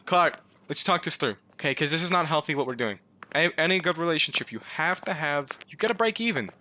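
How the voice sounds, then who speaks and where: A man's voice: on the high side, lively intonation, fairly quick, creaky, sharp tone, slight background noise. A man giving comic let's-play commentary, pleading with his car and joking, breaking into yelps and swearing. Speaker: gaming YouTuber.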